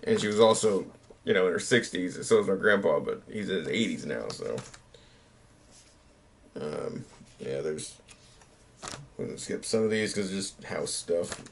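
A man's voice: low-pitched, expressive, normal speed, vocal fry, long pauses, slight background noise. A man in his thirties, a YouTuber, chatting casually late at night in a rambling, self-mocking way that often trails off.

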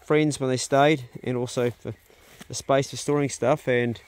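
Relaxed New Zealand man on a farm. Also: medium pitch, a little slow. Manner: relaxed, plain-spoken, chatty. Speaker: vlogger, farm owner. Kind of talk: casual narration on a farm walk. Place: rural farm outdoors.

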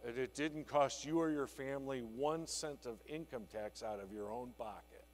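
A man giving a conference keynote on sales, telling an animated story that acts out a conversation with a client. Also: medium pitch, moderate pace, hardly any pauses, in a large hall. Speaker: sales trainer. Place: conference hall.

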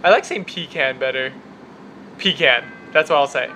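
A young man with a Chicago accent talks casually in his apartment, rambling and a bit self-deprecating. His voice sits fairly high and sounds bright and forward. A faint hum runs underneath. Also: moderate pace. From Chicago area, US. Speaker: vlogger. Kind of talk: casual accent-tag vlog. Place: apartment room with window open.

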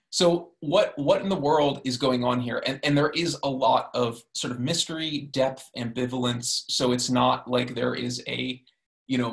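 Creaky-voiced man leading a seminar. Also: medium pitch. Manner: frequent "right?" tag questions and restarts. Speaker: discussion leader. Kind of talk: literature seminar discussion.

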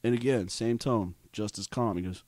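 A young man co-hosting a podcast, telling a story in a casual, animated way. He acts out what people said and laughs often. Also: fairly low pitch, normal speed, no echo, studio quality. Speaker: podcast co-host.

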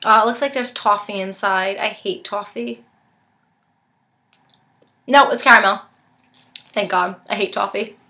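A woman's voice: mid-range voice, measured pace, long pauses, bright, forceful tone. A young woman reviewing snacks in a casual unboxing vlog, chatting and tasting as she goes, sometimes talking with her mouth full. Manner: chatty, talks while chewing.

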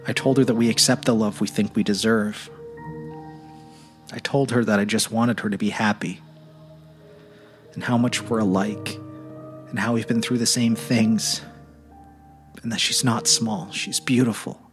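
A man giving a dramatic reading of a troubled teenage boy's letters, in a quiet, earnest, halting way. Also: fairly low pitch, steady tone, faint music behind. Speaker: narrator.

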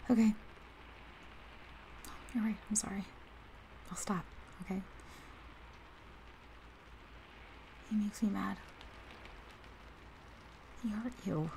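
A fiercely loyal young woman best friend, as a woman acts her out in a whispered role-play, her voice low and mellow with a gravelly fry. She talks straight to the listener, heated one moment and tender the next, over a faint hiss. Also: slow, long pauses, poor audio. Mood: soft, tender. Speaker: ASMR role-play performer.

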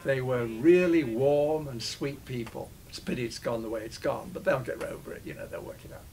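An aging actor recalls earlier shoots in a rambling interview, frequently breaking off his sentences to begin anew. The voice is medium-pitched with a darkish tone, and there's a little hiss or hum.

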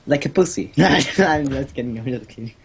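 A man's voice: medium pitch, animated, a little hiss or hum. A young man on a voice call with a headset, puzzled and blunt, joking and then backpedalling. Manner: puzzled, blunt, quick to joke then backtrack. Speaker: prank call target. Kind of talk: casual call chat. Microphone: headphones with mic on a voice call.

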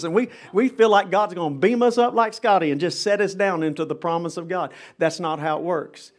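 A man's voice: high-pitched, fairly quick, few pauses. Fervent middle-aged man preaching in chapel. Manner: emphatic, dramatic preaching with rising intensity. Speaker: pastor. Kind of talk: live chapel sermon. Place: chapel service.

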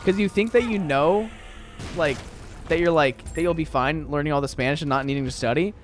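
Young male streamer, loose and chatty with plenty of fillers; voice a bit high, soft music under it. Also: brisk. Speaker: game streamer. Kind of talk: casual live-stream chat.

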